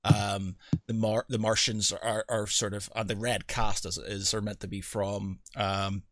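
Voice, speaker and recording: A man's voice: fairly low pitch, flat delivery, unhurried, a bit bright, no room sound, studio quality. A man hosting a podcast in casual chat, rambling with many restarts and fillers. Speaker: podcast host.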